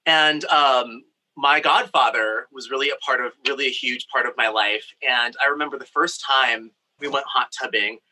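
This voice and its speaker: A man's voice: medium pitch, normal speed, bright, forceful tone, low-quality recording. A young man from Brazil, a storyteller with a campy, candid, playful way of talking, recording in a home craft studio. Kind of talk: personal storytelling.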